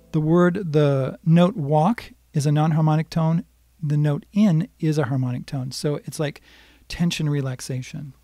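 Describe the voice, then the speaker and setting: A man's voice: a little high, mellow. A man teaching a live-streamed guitar lesson, explaining music theory patiently and singing bits of the melody. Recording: guitar playing behind voice.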